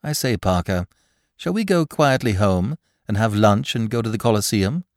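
A man voicing a flippant, theatrical aristocratic gentleman detective in a storybook reading. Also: fairly low pitch, animated, moderate pace, dry recording, studio quality. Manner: breezy, theatrical, whimsical. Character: flippant aristocratic young male sleuth.

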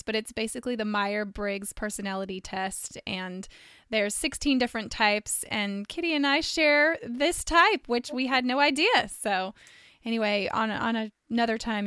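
A woman's voice: mid-range voice, pushed and bright, smooth, no echo, studio quality. A woman hosting a podcast, a nurse, bubbly and laughing often as she talks with her guest. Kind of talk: faith podcast conversation.

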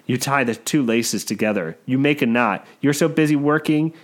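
A man's voice: medium pitch, normal speed. A man hosting a comedy show, reading a storybook aloud with frequent laughs. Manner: laughs often, lively reading. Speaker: podcast host reading a storybook. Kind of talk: comedic read-aloud narration.

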